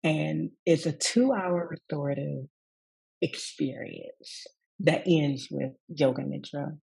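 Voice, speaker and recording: Woman, low voice w a gravelly edge, yoga teacher telling a story, laughs and says "right?" a lot. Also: slow pace, rough recording. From US Deep South. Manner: warm, laughing asides and tag questions. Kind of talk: reflective storytelling in conversation.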